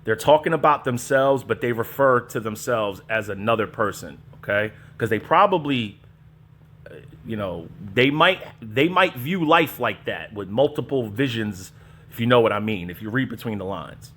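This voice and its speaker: A man's voice: medium pitch, lively intonation, normal speed, fairly bright tone. Mocking, incredulous male commentator. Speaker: show host reacting to clips. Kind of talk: casual commentary.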